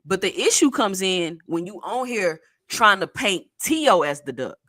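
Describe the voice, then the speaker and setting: Bright-voiced man hosting boxing talk. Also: high voice, sing-song, a little slow. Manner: loose, conversational, slangy. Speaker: host. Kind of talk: casual boxing talk show.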